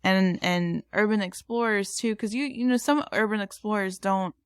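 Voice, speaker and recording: A woman's voice: medium pitch, normal speed, clear, resonant tone, no echo, clean studio sound. Chatty woman co-hosting a podcast. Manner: chatty, rambling, many fillers and restarts. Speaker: podcast co-host. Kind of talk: casual chat.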